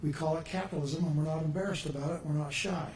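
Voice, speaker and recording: A man's voice: fairly high pitch, fairly even intonation, fast talker, a little mellow. A man giving an earnest, upbeat public speech as a governor at a press conference. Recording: echoey room, faint noise.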